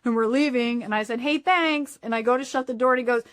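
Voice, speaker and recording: A woman's voice: a little high, fast, no room sound, studio quality. A woman with a Pennsylvania accent, a guest on a podcast, telling a funny story and laughing often as she goes. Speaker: real estate investor guest. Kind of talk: casual chat.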